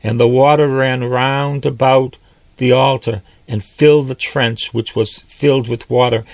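A man's voice: mid-range voice, gravelly, no echo. A priest preaching a sermon, reading scripture aloud and breaking off to explain it, lifting his voice when he quotes God or a prophet.

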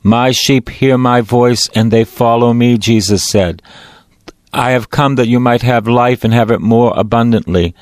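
A man's voice: mid-range voice, steady tone, measured pace, no room sound. A middle-aged man preaches in the rolling, repetitive cadence of a priest's sermon, pressing each point home with emphasis. The recording is dry and close, with no room sound.

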